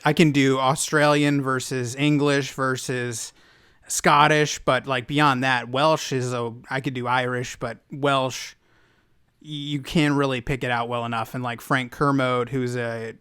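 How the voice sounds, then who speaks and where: A man's voice: mid-range voice, little pitch movement, unhurried, fairly bright tone, smooth, no echo, clean studio sound. An American man co-hosting a podcast, chatting casually in a rambling way with many restarts. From United States. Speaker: podcast co-host. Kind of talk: casual chat.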